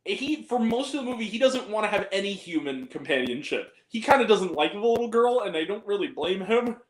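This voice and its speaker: Animated swearing man in an echoey room. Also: sits high, a little fast. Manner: animated, swears freely, laughs often. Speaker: podcast guest. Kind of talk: casual film review chat. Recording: roomy echo.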